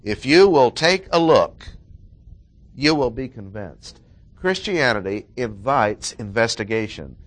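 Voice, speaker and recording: A man's voice: mid-range voice, very animated, slow. A man preaching a sermon, explaining a Bible passage with emphatic repetition of key words.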